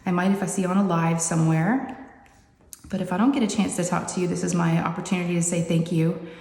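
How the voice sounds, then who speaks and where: Quick-paced and creaky, this woman's fairly low, darkish voice holds fairly even intonation. She hosts a crafting channel and rambles to her viewers, chatty and meandering with plenty of "y'all," from her upstairs craft room behind a closed door. The recording is echoey with long reverb and faint noise.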